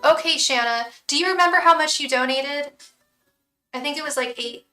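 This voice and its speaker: Bright-voiced woman tarot reader, far from mic. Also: high-pitched, normal speed, soft background music. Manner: chatty, thanks donors by name, chants invocations to spirit guides. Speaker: tarot reader and psychic on a live stream. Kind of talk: casual live-stream chat with viewers.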